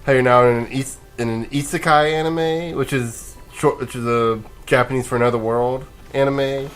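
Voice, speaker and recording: A man's voice: medium pitch, fairly even intonation, moderate pace, fairly bright tone, soft background music. A man giving casual, rambling commentary while playing a video game, sleepy and yawning, chuckling and restarting his sentences. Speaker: let's play gamer.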